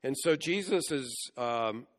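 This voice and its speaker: Man, pastor, measured sermon delivery, slow pace, ringing hall. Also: medium pitch, expressive. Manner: measured, explains scripture verse by verse. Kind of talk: expository sermon. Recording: long hall reverb.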